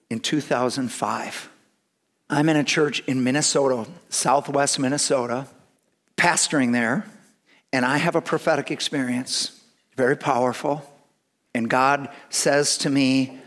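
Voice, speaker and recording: A pastor preaching a sermon with earnest delivery that swings between hushed, quiet passages and emphatic declarations. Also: male voice, medium pitch, measured pace, pauses often.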